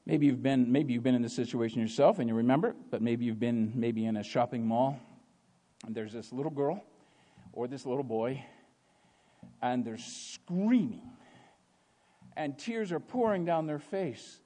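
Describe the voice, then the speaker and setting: A man preaching a sermon, asking rhetorical questions and swinging between quiet passages and loud, emphatic ones. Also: mid-range voice, moderate pace.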